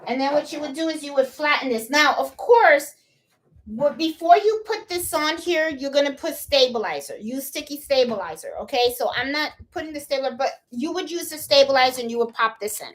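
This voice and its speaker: A woman with a Puerto Rican accent talks viewers through a hands-on crafting demo, her voice sitting a little high. She is chatty and informal, pausing with "hold on" and checking in with "okay?" as she works, and she laughs easily at her own slips. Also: a bit bright. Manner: laughs at her own fumbles while working. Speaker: crafting channel host. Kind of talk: casual live tutorial demo.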